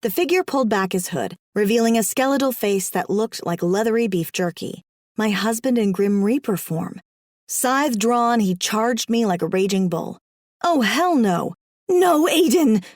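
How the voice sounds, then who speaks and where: Woman reading a comic audiobook, wry and expressive, mid pitch, dry close sound. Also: moderate pace, dry recording. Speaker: audiobook narrator. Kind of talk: first-person audiobook narration.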